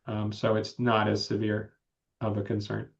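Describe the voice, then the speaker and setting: Male participant, monotone, slightly muffled line, chatty explainer. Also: lowish voice, moderate pace, vocal fry. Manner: explanatory, hedging with "you know". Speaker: call participant. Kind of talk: casual webinar discussion.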